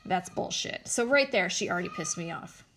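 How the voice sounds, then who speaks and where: A woman's voice: fairly low pitch, lively intonation, normal speed, fairly bright tone, a little hiss or hum. A woman hosting a casual commentary show, blunt and sarcastic, swearing freely as she talks.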